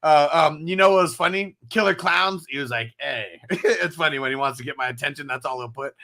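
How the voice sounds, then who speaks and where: Bright, gravelly-voiced chatty man host. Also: a little high, fairly quick. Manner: chatty, laughing storyteller, many fillers. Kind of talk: casual chat.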